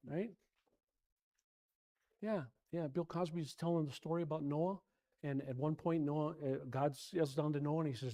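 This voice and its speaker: A man teaching an informal Bible class in a church, rambling and animated, often repeating himself and sounding exasperated. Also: a little high, normal speed.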